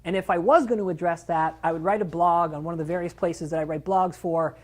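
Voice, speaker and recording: A middle-aged man talks through a live seminar in a loose, lively way. He slips into acted-out voices and drops the odd curse word to hammer a point home, like a trainer speaking to a room of fellow dog people. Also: on the high side, a little fast. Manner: casual and animated, acts out quoted voices, swears for emphasis.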